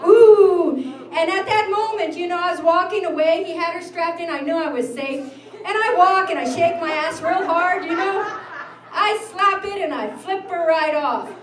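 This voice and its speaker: A woman's voice: very high voice, normal speed. A middle-aged woman doing a brash, profane stand-up set in a bar, acting out the people in her stories. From New Mexico, USA. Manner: brash, profane storytelling with acted-out voices. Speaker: stand-up comic. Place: bar stage with a live audience. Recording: roomy club sound from far off, crowd noise.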